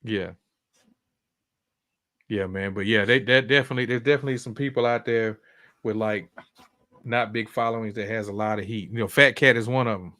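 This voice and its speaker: A man's voice: lowish voice, steady tone, a little fast, long pauses, sharp tone, dry recording. A man talking as a guest in a casual chat, rambling with lots of fillers. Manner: rambling, many fillers and restarts. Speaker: guest, sneaker collector.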